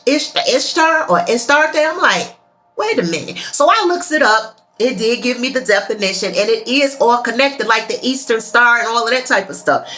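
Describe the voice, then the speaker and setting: A woman with a bright, ringing voice and a fairly high pitch, speaking earnestly and emphatically about spiritual matters. She addresses her viewers directly in a casual monologue, with faint music playing under her. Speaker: tarot and spiritual reader.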